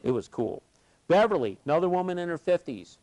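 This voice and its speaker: A man leading a live workshop session, telling stories with lively energy and acting out both sides of conversations. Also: fairly high pitch, fairly quick. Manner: animated, acts out both sides of dialogues. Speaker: workshop facilitator.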